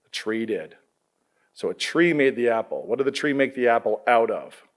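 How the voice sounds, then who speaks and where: Middle-aged male pastor, casual and lively sermon delivery, quizzes his student audience. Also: medium pitch, normal speed.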